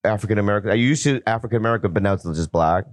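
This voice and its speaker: A man's voice: lowish voice, rapid-fire, dry recording. A man appearing as a guest comedian, talking in a blunt, rambling and provocative way in casual podcast banter.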